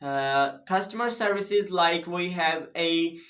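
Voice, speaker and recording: Earnest young man, smooth higher voice. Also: takes it slowly, fairly bright tone. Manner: earnest, repetitive, non-native phrasing. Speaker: English-speaking coach. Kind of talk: motivational talk to camera.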